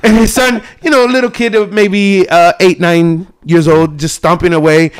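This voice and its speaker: A man's voice: sits high, moderate pace, hardly any pauses, smooth. A man co-hosting a casual podcast, telling profane stories and acting out the people in them. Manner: profane, animated storyteller who acts out quotes. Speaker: podcast co-host. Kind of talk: casual storytelling chat.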